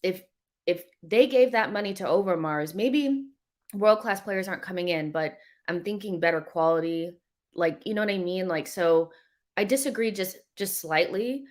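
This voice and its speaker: A woman's voice: mid-range voice, normal speed. A woman co-hosting a football fan stream, playful and taunting, laughing a lot in casual banter. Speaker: co-host of a football fan show.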